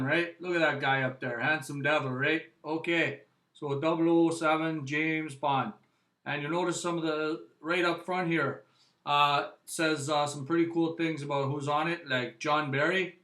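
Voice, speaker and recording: Canadian male host, casual rambling delivery, bright tone, roomy echo. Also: fairly high pitch. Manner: chatty, rambling, frequent "eh" and "right". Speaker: music vlog host. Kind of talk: casual vinyl review.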